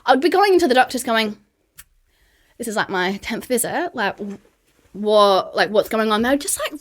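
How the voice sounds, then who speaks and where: Brief: Aussie woman guest, a bit high, quick chatty storyteller. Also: big pitch swings. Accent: Australian. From Australia. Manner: fast-talking storyteller. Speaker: podcast guest. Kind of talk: casual interview chat.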